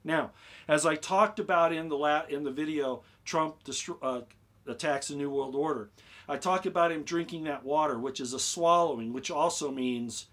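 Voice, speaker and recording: A man explaining things on a casual YouTube live stream. He gets excited, repeats himself and keeps asking his viewers "okay?". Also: on the high side, moderate pace.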